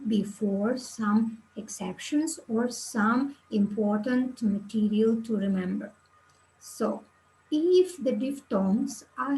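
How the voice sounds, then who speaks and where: A woman teaching Latin pronunciation, reading word lists slowly and explaining each letter's sound for medical students. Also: a little high, darkish tone, low-quality recording. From Kyrgyzstan. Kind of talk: slow reading practice lesson.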